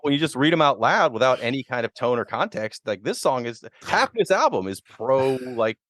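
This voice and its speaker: A guest musician on a casual podcast chat tells stories animatedly, acting out quotes as he goes. His voice is mid-range and his speed normal.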